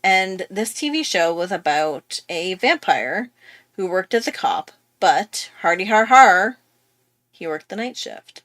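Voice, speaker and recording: A woman's voice: medium pitch, expressive, slow pace, fairly bright tone, dry recording. A young woman telling a long, rambling story in casual chat on her art channel, with many fillers and restarts. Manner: chatty, rambling, full of fillers. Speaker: art YouTuber.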